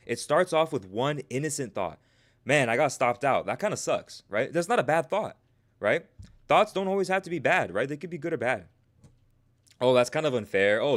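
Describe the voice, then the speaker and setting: A young man coaching traders on a live stream, talking fast and tagging "right?" onto his points. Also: fairly low pitch. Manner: energetic, repeats "right?" as a check-in, acts out traders' inner voices. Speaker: trading coach.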